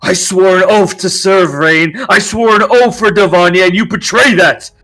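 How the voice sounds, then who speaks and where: A man voicing a stern older knight and angry father who shouts commands in a tabletop game. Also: fairly high pitch, normal speed, faint music behind, natural voice. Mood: wrathful.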